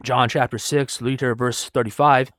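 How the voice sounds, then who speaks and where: A male preacher delivers an impassioned sermon, reciting scripture in archaic phrasing. He swings from loud, rapid exhortation to hushed storytelling, in a mid-pitched voice. The sound is dry and close, with no room echo. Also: fairly even intonation. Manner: swings between loud, fast exhortation and quiet, slow storytelling; quotes Bible verses in King James wording. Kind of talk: street-style sermon with scripture reading. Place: online virtual world.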